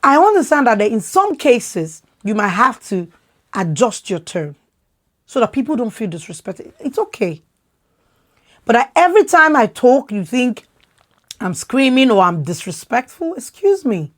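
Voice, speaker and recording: A Nigerian-accented woman in her thirties delivers impassioned opinion talk as a podcast host. Her somewhat high voice rises and falls a great deal, and she talks loudly and expressively. She often doubles back on words as she drives her point home. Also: a little slow. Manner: emphatic, repeats words when worked up; loud, expressive way of talking.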